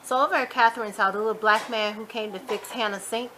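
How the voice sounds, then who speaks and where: A woman hosting a casual TV episode recap, chatty and animated, retelling scenes with quick asides. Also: on the high side, noisy background. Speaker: YouTube TV recap host.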